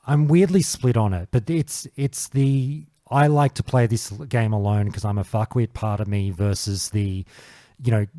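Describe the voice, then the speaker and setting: A man's voice: on the low side, mellow, dry recording, clean studio sound. A man hosting a casual gaming podcast panel, swearing freely and telling stories with animation. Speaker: podcast host.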